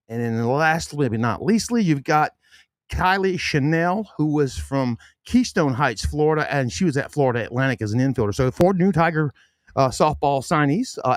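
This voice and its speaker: A man's voice: a little high, no echo, clean studio sound. A man hosting a sports podcast, casual and folksy, with lots of fillers and restarts. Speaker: podcast host. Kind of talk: casual sports podcast chat with sponsor reads.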